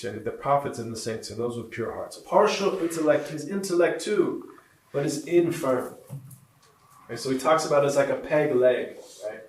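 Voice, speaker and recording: A man teaching a spiritual retreat group, telling stories in a lively, animated way. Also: medium pitch, moderate pace. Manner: animated storyteller, laughs along with listeners. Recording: roomy, from a distance, faint noise.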